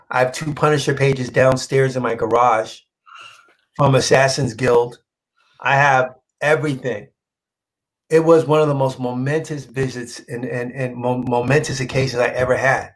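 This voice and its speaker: A comic book artist, male and medium-pitched, tells an anecdote during a casual interview on a rough recording. Lively in delivery, he plays out the quoted lines and breaks off and repeats himself when moved.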